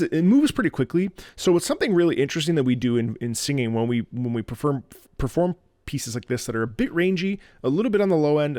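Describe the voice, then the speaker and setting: A man's voice: a little high, mellow, no echo, studio quality. A man teaching a song as a vocal coach, talking enthusiastically and breaking into sung and hummed examples. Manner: demonstrates lines by singing and humming; enthusiastic, chatty with fillers. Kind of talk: song analysis lesson, singing examples.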